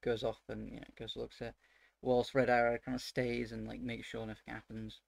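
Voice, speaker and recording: A man recounting a tabletop game session as its dungeon master, rambling with many fillers and growing excited and exasperated as he goes. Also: medium pitch, a little fast, gravelly.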